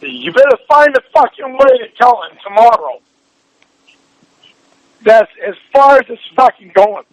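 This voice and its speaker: A man with a very high voice rants in a furious private argument, swearing constantly. His voice is sore and strained from shouting, and he keeps pressing demands without letting up. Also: sing-song, a little slow, long pauses, no room sound, dull audio.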